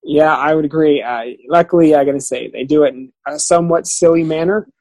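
A man co-hosting a casual chat, agreeable and quick with many fillers. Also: a little high, a little mellow, no echo, rough recording. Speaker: podcast co-host.

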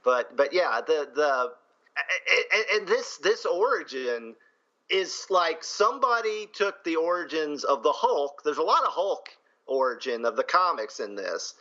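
A man's voice: on the high side, measured pace, dull audio. A man co-hosting a podcast in casual chat, telling stories and laughing often. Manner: laughing, storytelling, animated. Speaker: podcast co-host.

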